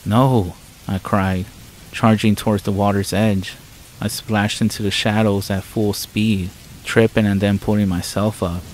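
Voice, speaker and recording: A man reads a scripted horror story in the first person, measured and somber. His voice sits low with a flat, even melody. Soft rain patters faintly behind him. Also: a little hiss or hum, poor audio. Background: faint rain sounds.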